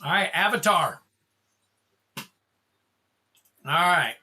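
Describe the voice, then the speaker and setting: A man's voice: fairly high pitch, animated, drawn-out words, sharp tone, slightly rough. A man hosting a card-opening livestream, chatting in a rambling, jokey way and calling out cards as he opens them. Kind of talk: casual livestream chat.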